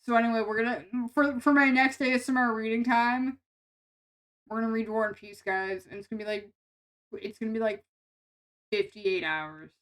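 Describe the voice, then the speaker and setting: Young woman VTuber, slightly high voice, playful self-mocking stream chat. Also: steady tone, moderate pace, a bit bright, rough recording. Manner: playful, self-mocking, stumbles and restarts over words. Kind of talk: casual live-stream chat with viewers.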